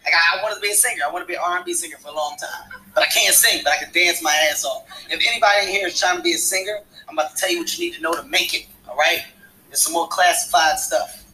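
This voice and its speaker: Animated stand-up comic with a light voice. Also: male voice, sits high, fast talker, creaky, slight background noise, poor audio. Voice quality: light, small voice. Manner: animated, acts out characters and shouts punchlines. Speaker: stand-up comedian. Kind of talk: stand-up comedy routine.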